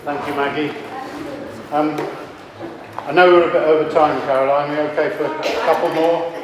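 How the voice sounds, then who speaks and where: A man's voice: on the high side, steady tone, normal speed, crowd noise. A man hosting a live poetry event, speaking casually and hesitantly with many fillers. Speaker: host of the poetry group. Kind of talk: casual closing remarks. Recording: echoey hall, faint noise.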